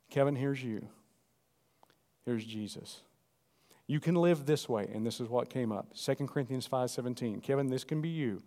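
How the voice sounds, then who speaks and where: Man, pastor, middle-aged, animated sermon, calls to the congregation, warm low timbre, mid pitch.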